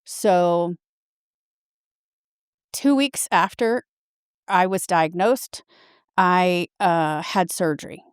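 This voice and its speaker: Earnest, halting woman in her fifties. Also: lowish voice, clean tone, no echo, studio quality. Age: 50s. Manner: earnest, halting, with frequent restarts. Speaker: podcast guest sharing her story. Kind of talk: personal storytelling.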